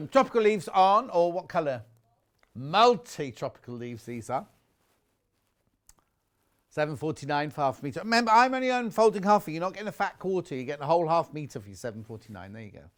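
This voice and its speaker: Chatty, animated male shopping-channel presenter. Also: a little high, a little fast. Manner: chatty, jokey, teasing the crew.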